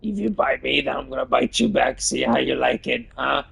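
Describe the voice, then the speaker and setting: Male gamer streaming live, fried gravelly tone with a husky edge, swears freely. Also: medium pitch, animated, normal speed, a bit bright, low-quality recording. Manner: irritable, swears a lot while playing. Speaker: game streamer. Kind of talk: casual live gameplay commentary.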